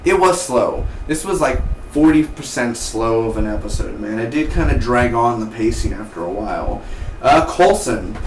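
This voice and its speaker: Excitable man reviewing TV, roomy sound. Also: medium pitch, moderate pace, hardly any pauses, a little hiss or hum. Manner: excitable, slangy, breaks into mock voices. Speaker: TV show reviewer. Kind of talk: casual episode review. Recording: roomy, distant mic, faint ambience.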